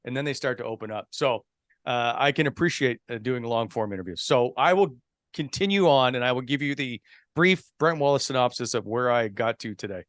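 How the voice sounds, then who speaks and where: Relaxed broadcaster from New Brunswick. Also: male voice, medium pitch, brisk, dry recording, studio quality. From Canada, New Brunswick. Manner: relaxed, conversational storyteller. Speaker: podcast guest, broadcaster. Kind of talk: casual chat.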